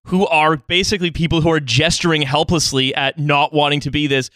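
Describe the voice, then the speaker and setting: A male podcast host with a bright, forceful tone and a voice sitting a little high. He keeps the chat casual and sardonic, laughing often between points. The sound is dry and close. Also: level tone, brisk, dry recording.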